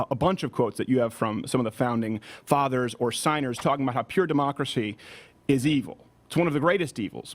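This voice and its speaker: Male commentary host, mocking and emphatic, rapid-fire talk, slightly high voice. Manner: mocking, emphatic, fast-talking. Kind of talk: opinionated rebuttal commentary.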